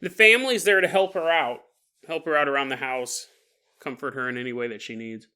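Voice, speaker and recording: A man's voice: mid-range voice, fairly quick, bright, forceful tone, smooth. A man hosting a podcast, telling a paranormal story casually with joking asides. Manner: joking asides, chuckling between lines. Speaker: podcast host.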